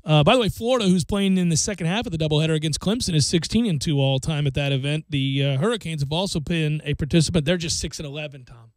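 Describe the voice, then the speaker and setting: A middle-aged man with a notably high voice, hosting a sports talk radio show. He tells stories in an animated, ranting way, and his studio mic sounds close and dry. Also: fast, no room sound. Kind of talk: casual sports radio chat. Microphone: studio microphone.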